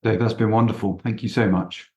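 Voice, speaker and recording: A man hosting a podcast interview, gentle and appreciative, with hesitant fillers. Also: fairly low pitch, fairly even intonation, fairly quick, muffled recording. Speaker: podcast host. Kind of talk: interview conversation. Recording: echoey room sound.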